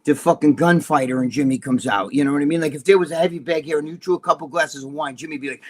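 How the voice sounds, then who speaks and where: A man's voice: fairly high pitch, fast. An older man with a New Jersey accent, co-hosting a casual live show, telling rambling, profane stories. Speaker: co-host. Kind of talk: casual livestream chat.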